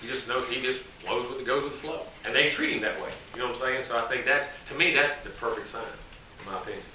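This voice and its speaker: A man's voice: medium pitch, fast, sharp tone, distant mic. A man, a head football coach answering press questions in a rambling, folksy, self-correcting way. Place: media day press room. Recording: echoey room, voice from afar, faint noise.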